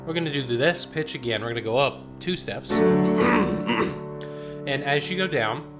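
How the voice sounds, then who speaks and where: A man leading a choir warm-up, coaching and demonstrating vocal exercises as a choir director. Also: medium pitch, a little fast, loud music behind the voice.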